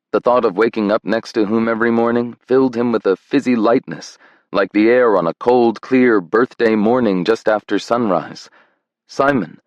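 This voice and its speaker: Low-voiced male audiobook narrator. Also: no room sound, highs cut off. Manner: measured and tender. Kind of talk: scripted narration.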